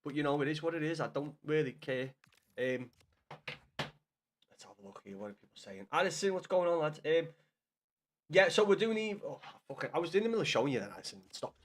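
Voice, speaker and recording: Sweary lad streaming. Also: male voice, fairly high pitch. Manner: swears a lot, banters loudly with chat. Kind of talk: casual live-stream chat with viewers.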